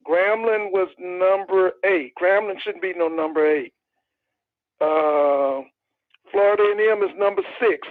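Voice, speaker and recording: A man's voice: high voice, no echo. A male caller giving emphatic, repetitive commentary over the phone. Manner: emphatic, repeats points insistently. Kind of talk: call-in radio commentary. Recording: tinny phone line.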